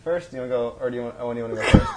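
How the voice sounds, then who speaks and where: A man hosting a tabletop game show, chatting casually and joking at his own expense. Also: medium pitch. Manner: lively, quick, self-deprecating. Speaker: show host. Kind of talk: casual chat and show intros. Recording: audible background noise.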